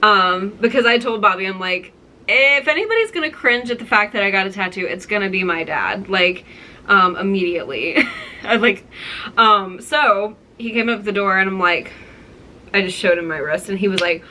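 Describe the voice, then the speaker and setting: A woman's voice: medium pitch, lively intonation, normal speed, sharp tone. A young woman telling a casual story time to her viewers, chatty and full of likes and ums. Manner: chatty, many fillers and likes. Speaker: vlogger.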